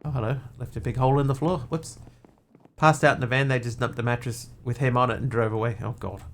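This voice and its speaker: A man's voice: mid-range voice, fairly even intonation, fast talker, a little hiss or hum. A man streaming a game, thinking aloud, counting items under his breath and chatting casually with viewers. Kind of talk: casual chat while playing a game.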